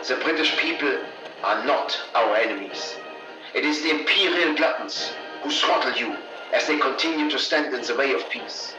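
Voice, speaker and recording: A man's voice: medium pitch, close to an everyday voice. A man playing a stern propaganda radio announcer, declaiming over music in a distant, echoey broadcast. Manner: grandiose, declaiming. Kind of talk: 1940s radio acting.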